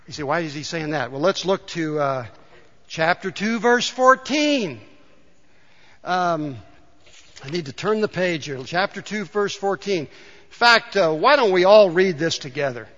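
In a church sanctuary, a pastor with a fairly bright, higher-pitched voice preaches to his congregation, working up to emphatic calls and slipping in a joke. The recording sounds dull, with long hall reverb.

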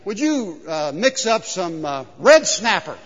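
An eager, hesitant little boy asking his dad for something, as a preacher voices him. His voice sits high and lively. The recording is muffled, and a long reverb trails behind it. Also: measured pace, full character voice.

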